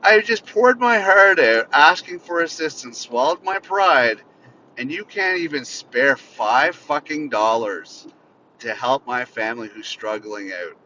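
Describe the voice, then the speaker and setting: Recorded from inside a car, this male podcast host delivers a bitter, profane, off-the-cuff rant on his own. He sounds animated and sharp but keeps a measured pace. A faint vehicle rumble sits under slightly muffled audio.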